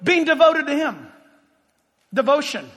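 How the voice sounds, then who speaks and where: High-voiced man preaching in a reverberant church. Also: sing-song, measured pace, fairly bright tone. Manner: direct, asks the congregation rhetorical questions. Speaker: pastor. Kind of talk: sermon.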